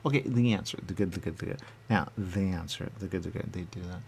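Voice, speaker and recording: A man rambling in a goofy comic back-and-forth with himself, answering his own questions and dropping into hushed asides. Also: low voice, fast, vocal fry, a little hiss or hum. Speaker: radio show personality.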